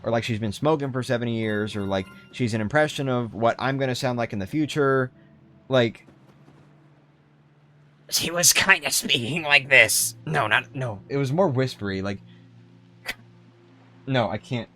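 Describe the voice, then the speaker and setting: A young man in his twenties, a game streamer, chats casually during a gaming livestream in a medium-pitched voice at a moderate pace. He rambles, swears often and keeps restarting his sentences.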